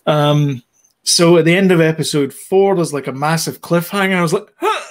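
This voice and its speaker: A man's voice: a little high, moderate pace. A man, co-hosting a podcast in casual chat, rambling with plenty of fillers and restarts. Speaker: podcast co-host.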